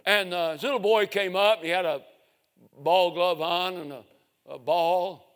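A man preaching a sermon, telling a story in a slow, dramatic way. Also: sits high, fairly even intonation, a bit bright, clear, resonant tone. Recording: reverberant hall.

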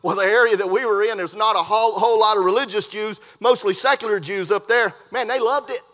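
A man preaching a sermon, telling a story in an animated way and often repeating his words. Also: sits high, fast. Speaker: preacher, missionary. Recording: long hall reverb.

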